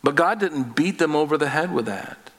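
A man preaching a conversational sermon as pastor, folksy and jokey, calling his listeners folks and guys, and climbing higher and louder on his emphatic points. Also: expressive, moderate pace.

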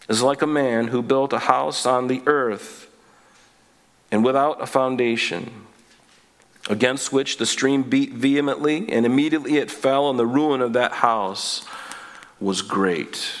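A man's voice: mid-range voice, a bit bright, big-room sound, low-quality recording. A man preaching a sermon as a pastor, reading scripture aloud and then explaining it with conversational asides. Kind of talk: expository sermon. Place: church sanctuary.

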